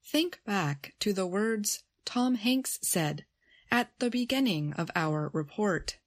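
A woman's voice: medium pitch, lively intonation, takes it slowly. A woman co-presenting a scripted grammar lesson, reading carefully and reading out example phrases. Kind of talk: scripted educational narration.

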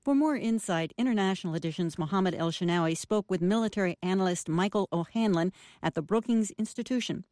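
A female news anchor introduces her segments smoothly and precisely. The studio recording is dry and close. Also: mid-range voice, fairly quick, hardly any pauses, a little mellow, dry recording. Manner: polished, scripted. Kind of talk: news presenting.

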